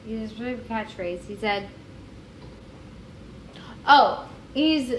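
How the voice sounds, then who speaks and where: A tipsy woman retelling a story in an animated, rambling comedic way. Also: on the high side, slow pace, noisy background. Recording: echoey room with music.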